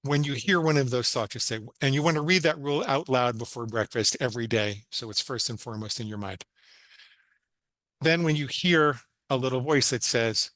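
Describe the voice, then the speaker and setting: A man's voice: medium pitch, moderate pace, a bit bright, no room sound, rough recording. A man, a psychologist guest on a podcast interview, explaining techniques step by step in an earnest, instructive way.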